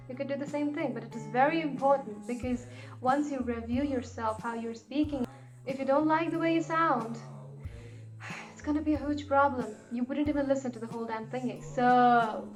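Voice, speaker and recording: High-voiced woman giving chatty advice. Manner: chatty and encouraging, with lots of fillers and asides. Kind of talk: casual advice chat to camera.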